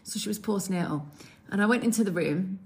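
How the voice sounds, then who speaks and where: A woman's voice: medium pitch, fairly quick. A woman, co-hosting a casual chat with blunt, earthy stories. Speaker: midwife podcast co-host.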